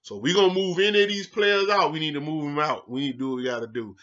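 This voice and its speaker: Fired-up, bright-voiced man ranting. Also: fast, muffled recording. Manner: heated, profane, swings from low mutters to loud outbursts. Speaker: sports show host. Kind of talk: casual sports rant.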